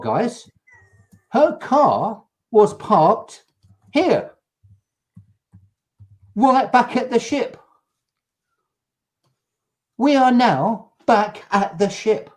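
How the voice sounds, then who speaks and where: An English man hosting a live chat show, telling an animated story and acting out the people in it. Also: sits high. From England. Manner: animated, acts out quotes. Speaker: host.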